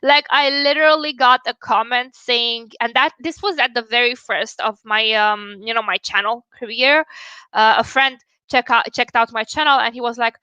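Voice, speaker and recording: High, bright-voiced woman streamer. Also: normal speed, smooth, no room sound, dull audio. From Romania. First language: Romanian. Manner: outspoken and blunt, swears casually. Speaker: livestream host. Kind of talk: casual livestream chat.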